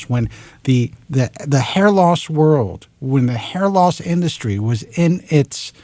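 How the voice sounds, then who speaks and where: A man in his forties with a New York accent, hosting a talk show and ranting in an animated, exasperated monologue into a close studio mic. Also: medium pitch, no echo. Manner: animated, exasperated, swears in clipped letters.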